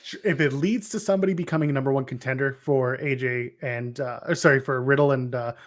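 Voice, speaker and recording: A young man co-hosting a podcast, casually chatting about wrestling with quick joking asides. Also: mid-range voice. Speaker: podcast co-host.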